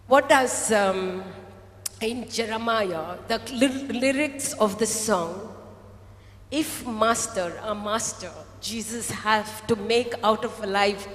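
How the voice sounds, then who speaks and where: Slow-preaching woman in an echoey hall. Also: medium pitch, a bit bright, slight background noise. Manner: slow storytelling, acting out a cup and a potter. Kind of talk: sermon. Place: large hall.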